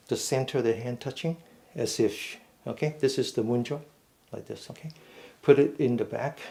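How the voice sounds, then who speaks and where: A man leads a mindful fitness class in a mid-pitched voice. He gives slow, step-by-step cues for each stretch and often checks in with a quick "okay?". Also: a little mellow. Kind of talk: guided stretching instruction.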